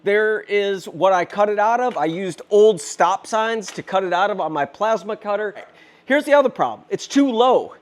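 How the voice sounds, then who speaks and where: Hurried, higher-voiced fifty-year-old man. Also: animated. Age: 50s. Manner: rushed and chatty, talking while lifting and handling the cart. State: out of breath. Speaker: DIY maker and channel host. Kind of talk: hurried casual vlog.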